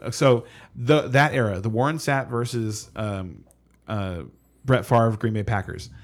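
Brief: male podcast co-host, excitable, rambling football chatter, often laughing. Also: medium pitch, a little slow. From California. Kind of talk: casual sports chat.

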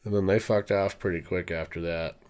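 A man's voice: deep voice, steady tone, brisk, darkish tone. A young man co-hosting a podcast, in easygoing casual chat with short replies. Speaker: podcast co-host.

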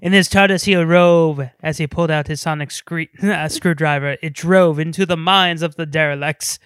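A man's voice: fairly high pitch, fairly even intonation, moderate pace, fairly bright tone, smooth, no room sound, clean studio sound. A man co-hosting a podcast in casual chat, joking and rambling, often laughing and slipping into silly voices. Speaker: podcast co-host.

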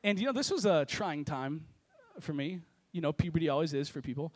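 High-voiced energetic young pastor. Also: male voice, brisk. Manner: energetic, joking storyteller. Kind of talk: sermon. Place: church service with congregation.

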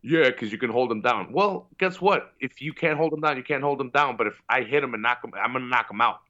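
A man hosting a podcast in casual chat, giving loud, opinionated, profane rants. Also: medium pitch, brisk, dull audio. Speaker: podcast host.

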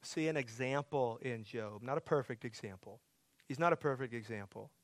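A man's voice: mid-range voice, normal speed. A man preaching a sermon as pastor, earnest, building to pleading, emphatic questions.

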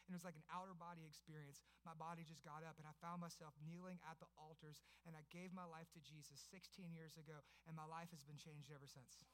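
A pastor in his thirties preaching a sermon, telling his story and building to loud, passionate preaching. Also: a little high, steady tone, fast talker, few pauses.

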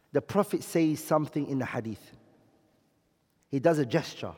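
A man lectures to a class in a fairly high voice, slowing down to explain and pausing to ask if everyone follows. His voice rings with long reverb from a large room. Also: darkish tone. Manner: explains slowly, checks understanding with questions. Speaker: teacher.

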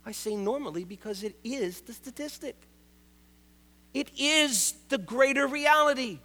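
A male pastor delivers a sermon in a notably high, bright voice. He keeps it conversational and joking, and hammers his main points by repeating them. His words ring out with a long reverb, as if he were preaching in a large sanctuary. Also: lively intonation, unhurried.

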